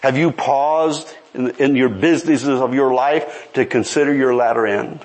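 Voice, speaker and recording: A man's voice: mid-range voice, normal speed. A man preaching a sermon, telling a story and pressing the listeners with rhetorical questions. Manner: animated, rhetorical questions, pleading.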